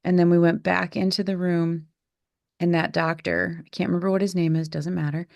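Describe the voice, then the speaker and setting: Low gravelly woman, earnest podcast host. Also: little pitch movement, fairly quick, a little mellow, dry recording, dull audio. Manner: earnest, reflective storytelling. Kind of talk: candid conversational podcast.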